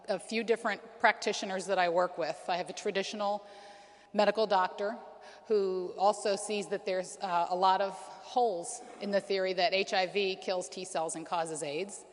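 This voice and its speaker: Earnest woman in her forties, echoing hall. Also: medium pitch. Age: 40s. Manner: earnest, frequent ums and restarts. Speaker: conference speaker. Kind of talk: personal testimony speech. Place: conference hall. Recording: reverberant hall.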